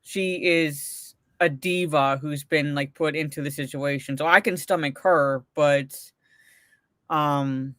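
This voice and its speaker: A woman's voice: deep voice, fairly even intonation, takes it slowly, fairly bright tone, no echo, studio quality. A woman co-hosting a casual livestream and reading out chat messages, talking in a rambling way with many fillers and restarts. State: recovering from a migraine. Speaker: co-host reading live chat.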